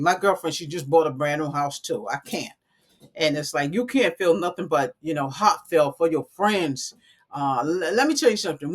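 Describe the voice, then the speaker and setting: Casual, animated woman, live-streaming on a phone at home. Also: sits low. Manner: chatty, animated, addresses viewers as y'all. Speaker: coding academy owner.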